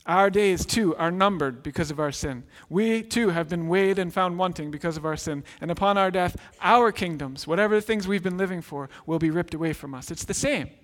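A man preaching a sermon as pastor, earnest and emphatic, dropping softer on key phrases. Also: sits high, normal speed, few pauses. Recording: long reverb in a large hall.

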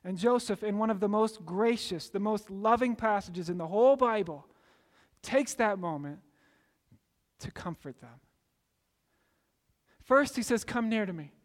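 A man preaching a sermon in a high voice, bringing the story to life by acting out its characters. His words ring with the long reverb of a large hall. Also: a little slow, long pauses. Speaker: pastor.

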